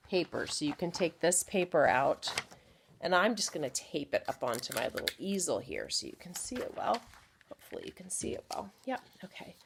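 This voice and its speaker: A woman teaching a phonics lesson to young children, sounding out words slowly and chatting playfully between them. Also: low-pitched, a little hiss or hum. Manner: slow, drawn-out sounding of words. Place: home, at a small easel.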